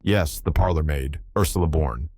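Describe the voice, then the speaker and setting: A man's voice: rumbling low, normal speed, darkish tone, slight background noise. A man voicing a fussy, methodical older male detective who speaks in a precise, musing way. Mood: probing.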